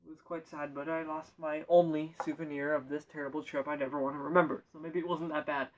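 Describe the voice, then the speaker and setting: A man spins a rambling comic monologue in a deadpan manner, tripping over his words and correcting himself. His voice sits fairly high for a man. He sounds distant from the microphone. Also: fast talker. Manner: deadpan, self-correcting, absurd asides. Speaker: storyteller.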